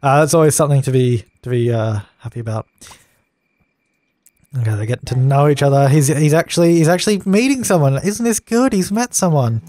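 A man's voice: fairly high pitch, animated, moderate pace, a little mellow, no echo. A young man casually commenting on a life-sim game while he plays, chatty and easily exasperated, laughing at its mishaps. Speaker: let's play gamer.

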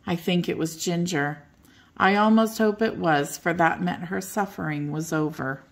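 An older woman reading a children's bedtime story aloud in a gentle, expressive way. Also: lowish voice, moderate pace.

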